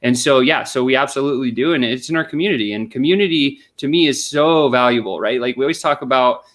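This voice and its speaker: The speaker, a male sales consultant being interviewed conversationally, explains a step-by-step sales method and dramatizes sample questions and answers. His mid-range voice is a bit bright and moves at a quick pace.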